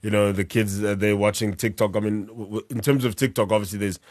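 A South African man in his thirties talks in a relaxed, rambling podcast chat. His voice sits low and the sound is dry and close, with no room around it. He trips over his words and laughs easily. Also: quick pace, dry recording. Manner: rambling, self-correcting, laughs often. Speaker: podcast co-host. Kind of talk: casual chat.

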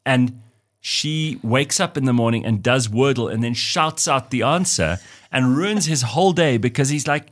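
A man's voice: mid-range voice, moderate pace, dry recording, clean studio sound. A man from Africa, co-hosting a radio show in casual chat and telling stories animatedly. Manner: animated storyteller, laughs, puts on voices.

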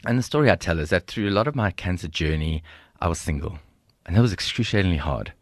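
A South African man in his forties telling a personal story as a podcast guest, animated, acting out dialogue and laughing often. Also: deep voice, fast talker, no echo, clean studio sound. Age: 40s. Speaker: guest speaker. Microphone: studio microphone.

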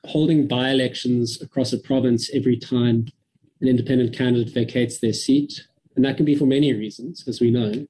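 A man from South Africa giving a measured, careful briefing to a parliamentary committee over a video call. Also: mid-range voice, fairly even intonation, dark tone, breathy edge, rough recording. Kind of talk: formal briefing.

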